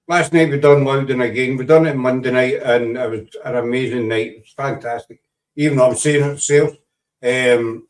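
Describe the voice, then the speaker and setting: A man's voice: mid-range voice, distant mic. Man, echoey and off-mic. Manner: relaxed storytelling with fillers. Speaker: host. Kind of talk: casual chat.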